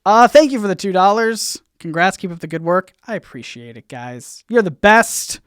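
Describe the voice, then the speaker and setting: A man hosting a casual livestream Q&A, rambling and halting, full of fillers and restarts, with his volume bouncing up and down. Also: sits high, animated, clean tone, no room sound, clean studio sound. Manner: swings in loudness, bouncy. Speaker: YouTube channel host.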